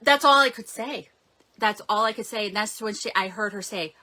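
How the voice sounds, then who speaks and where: A woman's voice: mid-range voice, moderate pace, sharp tone. A woman in her forties, hosting a live-stream devotional and telling a personal story in an earnest, heartfelt way, recorded at home. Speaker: devotional host.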